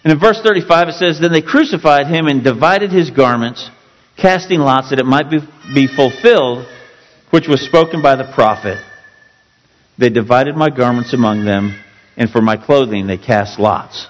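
A male pastor preaching a sermon with dramatic, emphatic storytelling that drops suddenly to quiet. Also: medium pitch, moderate pace, long reverb tail, slight background noise, low-quality recording.

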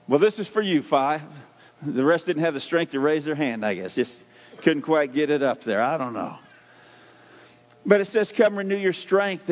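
A man preaching a sermon, telling folksy everyday stories and reading scripture slowly and deliberately. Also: sits high. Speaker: pastor. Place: church sanctuary. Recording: muffled sound in a long-reverb hall.

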